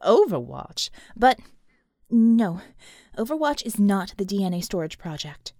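A woman's voice: medium pitch, sing-song, a little slow, dark tone, no echo. A polite young Southern male dispatcher voiced by a woman stammers, flustered and eager. The audiobook reading is close and dry. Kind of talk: audiobook character voice.

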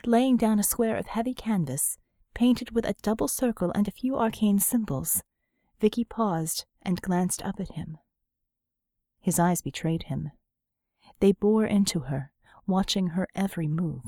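A woman narrating a novel as an audiobook in a steady, measured storytelling voice. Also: medium pitch, dry recording, studio quality. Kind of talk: scripted narration.

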